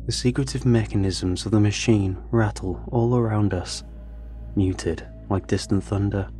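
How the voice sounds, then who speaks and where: A man reading a first-person story in a measured, tense storytelling manner. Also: fairly low pitch, steady tone, warm tone, soft background music. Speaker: narrator. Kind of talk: scripted first-person narration.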